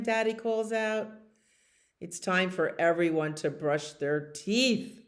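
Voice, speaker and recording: A woman librarian reading a bedtime story aloud to children, gentle and expressive, with chatty asides. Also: fairly low pitch, slow pace.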